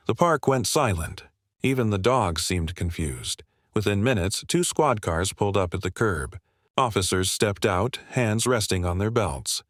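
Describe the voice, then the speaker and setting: Expressive low-voiced male story narrator. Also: moderate pace, dry recording, studio quality. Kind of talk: scripted narration.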